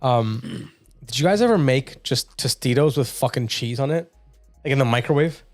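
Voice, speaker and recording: Young man, middle pitch, loose profane podcast chatter over faint music. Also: normal speed, dry recording. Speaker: podcast co-host. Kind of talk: casual comedy podcast chat.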